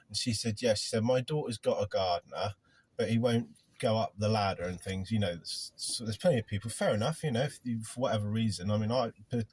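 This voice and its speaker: Man, middle-aged, low-pitched, husky, loud, chatty. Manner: loud, chatty, rambling, self-deprecating. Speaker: gardening business owner, vlog host. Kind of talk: casual chat. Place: inside a van.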